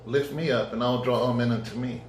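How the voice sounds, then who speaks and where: A man voicing God as a calm, firm male presence correcting him, within a sermon. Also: medium pitch, a little fast, slight background noise, lightly acted. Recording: echoey room.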